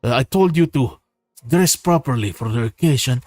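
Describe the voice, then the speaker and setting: A man's voice: medium pitch, expressive, a little mellow, no room sound, studio quality, faint music behind, natural voice. Man playing a stiff, formal nobleman. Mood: scolding. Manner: formal, halting, apologetic.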